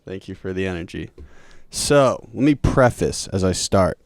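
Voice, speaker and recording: A man's voice: low-pitched, lively intonation, normal speed, no echo, studio quality. A man hosting a podcast in laid-back, chatty talk, full of slang. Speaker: podcast host. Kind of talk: casual interview chat.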